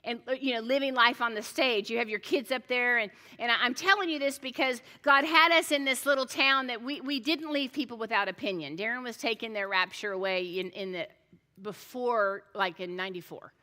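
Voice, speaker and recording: A woman's voice: fairly high pitch, a little fast, sharp tone, big-room sound. A middle-aged woman pastor preaching a sermon, telling stories in a chatty way, with restarts and joking asides.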